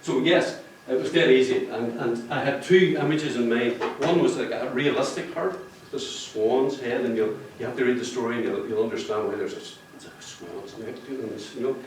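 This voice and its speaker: A man's voice: mid-range voice, normal speed, hardly any pauses, slight background noise. A man giving a jokey, rambling speech to an audience at a book launch. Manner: jokey, rambling, laughs at his own jokes. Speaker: book cover artist speaking at a launch. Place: function room with an audience. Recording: echoey room, distant mic.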